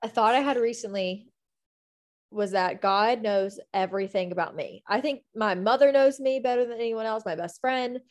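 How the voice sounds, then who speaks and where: A woman's voice: fairly high pitch, normal speed, a little mellow. A young woman co-hosting a casual faith podcast, speaking candidly and poking fun at herself. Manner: candid, self-deprecating, quotes herself in voices. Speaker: podcast co-host.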